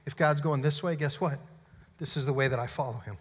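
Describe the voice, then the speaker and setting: Energetic pastor in a reverberant hall. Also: male voice, medium pitch, fairly quick. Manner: energetic, playful, demonstrating on stage. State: out of breath. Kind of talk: sermon. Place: church hall.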